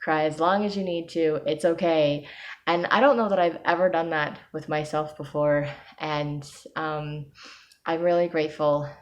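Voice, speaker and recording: Woman, low voice, soft, hesitant, lots of pauses, small laughs, personal vlog diary. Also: fairly even intonation, highs cut off. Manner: breaks into small laughs often. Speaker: personal video diarist.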